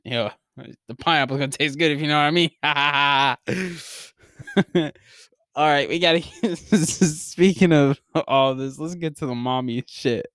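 A man's voice: on the high side, takes it slowly, a bit bright, no room sound, studio quality. A young man hosting a podcast, telling a crude story in casual chat, swearing a lot and laughing through it. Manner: profane, laughs constantly through his story. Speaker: podcast host.

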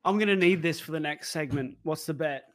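A young man streaming live, talking loosely to his chat in a fairly high voice. He rambles, jokes and swears offhandedly, easygoing and unpolished. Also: a little fast. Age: 20s. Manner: chatty, swears casually, talks to chat. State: out of breath. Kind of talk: casual livestream chat.

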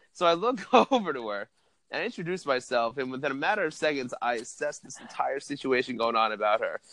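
A man's voice: mid-range voice, lively intonation, normal speed, fairly bright tone. A man telling a profane story on a comedy podcast, laughing through it.

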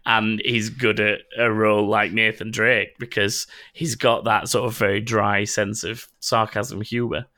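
A man's voice: lowish voice, flat delivery, unhurried, hardly any pauses, sharp tone, no room sound, clean studio sound. A man hosting a casual gaming news chat, rambling with many ums and restarts. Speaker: podcast host.

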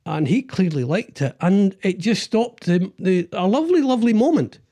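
A man telling rambling deadpan comic stories in a casual chat. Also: high-pitched, moderate pace.

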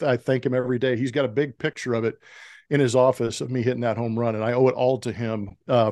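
A man's voice: medium pitch, no echo, studio quality. A middle-aged man telling stories as an interview guest, acting out the voices in the dialogue he recounts. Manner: animated storyteller who acts out quoted dialogue. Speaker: interview guest, former pro baseball player. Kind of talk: storytelling in a podcast interview.

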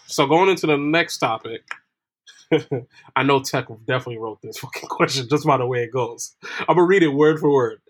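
A man's voice: medium pitch, a bit bright. A man co-hosting a casual podcast, reading the topic questions aloud and often breaking into laughter. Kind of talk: casual group chat.

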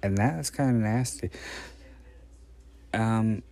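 Male podcast host, lowish voice, unhurried and rambling, casual film chat. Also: gravelly, darkish tone. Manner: meandering, thinking aloud. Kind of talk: casual movie commentary.

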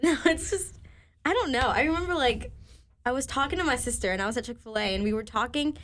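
Young woman co-host, slightly high voice, chatty animated storyteller. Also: fast. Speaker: podcast co-host. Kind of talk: casual chat.

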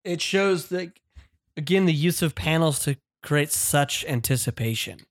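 A woman's voice: low voice, animated, unhurried, no echo, clean studio sound. Enthusiastic woman analysing a comic. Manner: thoughtful, enthusiastic about panels and pacing. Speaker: podcast co-host. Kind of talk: casual chat analysing a comic book.

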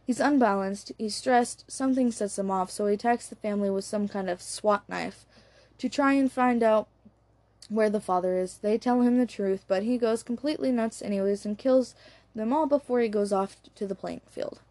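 A self-assured male analyst who explains his theory plainly and matter-of-factly, read by a woman. The tone is mellow and warm, and the recording is dry and close. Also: mid-range voice, normal speed, no room sound, natural voice. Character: confident male crime analyst. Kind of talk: audiobook character reading.

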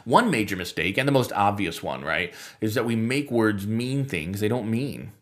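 A man's voice: on the low side, expressive, moderate pace, a bit bright. A man hosting a podcast, talking through a scripted monologue with wry asides and frequent self-interruptions. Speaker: podcast host teaching on Bible languages.

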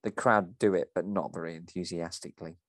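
A man's voice: sits low, steady tone, fairly quick, no echo. A man co-hosting a podcast, reading a script aloud and discussing it with a theatrical delivery.

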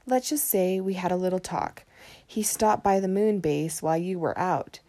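A soft, calm enchantress speaks with gentle kindness, as a woman reading a storybook gives her voice. Her tone is mellow and lowish, never hurried. Each word sounds wise and warm-hearted. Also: natural voice.

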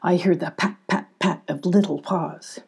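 A woman voicing an excitable young female cat adventurer, chatty and eager, in a storybook reading. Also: fairly low pitch, measured pace, creaky, slightly rough, soft background music, exaggerated voice. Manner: eager, chatty, bright-voiced.

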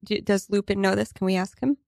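A woman playing a tabletop role-playing game, asking questions in a halting way. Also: medium pitch, fairly even intonation, gravelly, a little mellow, no echo, clean studio sound. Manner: inquisitive, halting. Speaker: player.

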